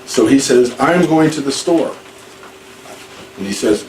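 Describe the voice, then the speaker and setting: Distant teacher in an echoey classroom. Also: male voice, medium pitch, animated, moderate pace, darkish tone. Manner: informal, repeats and restarts, acts out examples. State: hard of hearing. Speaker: ESL teacher. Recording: echoey room, far from mic, faint noise.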